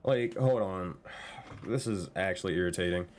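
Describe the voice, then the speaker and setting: A man's voice: sits low, moderate pace, darkish tone, slight background noise. A man running a tabletop game on stream, talking casually, exasperated and swearing often. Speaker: game master.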